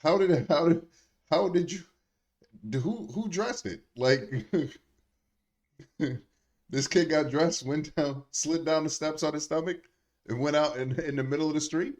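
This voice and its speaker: A man's voice: a little high, unhurried, long pauses, darkish tone. A man co-hosting a podcast, talking casually and emphatically and repeating points to drive them home. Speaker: podcast co-host. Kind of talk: casual chat.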